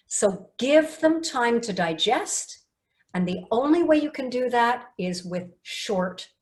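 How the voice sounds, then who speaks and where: Woman speaking coach, online workshop, slow deliberate delivery, lively and coaxing. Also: fairly high pitch. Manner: lively, coaxing and emphatic, reads chat replies aloud. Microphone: video call.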